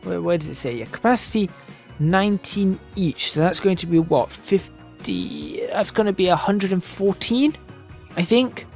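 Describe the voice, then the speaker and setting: Man, fairly high voice, casual thinking-aloud gameplay commentary, soft music bed. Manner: thinking aloud, musing and self-correcting. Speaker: gaming channel host. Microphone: desk microphone, voice drifting in and out.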